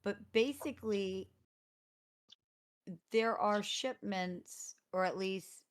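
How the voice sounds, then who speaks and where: A woman's voice: medium pitch, slow pace. A woman narrating a tabletop role-playing game as game master, chatty and descriptive. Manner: casual, chatty, describes scenes with sound words.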